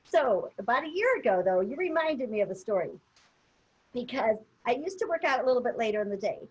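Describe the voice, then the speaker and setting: A woman's voice: on the high side, sing-song, fairly quick, breathy edge, dull audio. A woman co-hosting a motivational webinar, telling a personal story in a chatty way with many fillers. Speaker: webinar co-host. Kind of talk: casual motivational chat.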